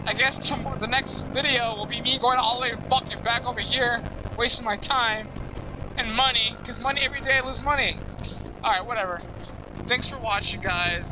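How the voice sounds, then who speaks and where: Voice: medium pitch, background noise. A gameplay channel host giving casual let's-play commentary, talking straight to viewers and swearing freely when exasperated. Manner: profane, quickly exasperated, talks to viewers.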